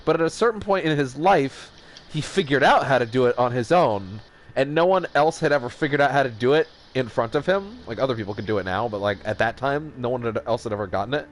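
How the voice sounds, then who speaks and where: A man's voice: mid-range voice, lively intonation, fast, slight background noise. A man co-hosting a podcast who rambles, restarts his sentences, swears and laughs often. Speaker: podcast co-host. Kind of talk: casual chat.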